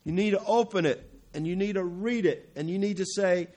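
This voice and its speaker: A pastor preaches a brisk sermon, building to emphatic, louder peaks before dropping into low, quiet stretches. He corrects himself at times and occasionally clears his throat.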